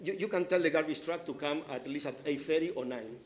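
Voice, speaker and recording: Guy complaining at a city meeting, kinda high voice, trips over his words a lot. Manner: halting, repeats words, insistent complaints. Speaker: resident giving public comment. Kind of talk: public comment at a city meeting.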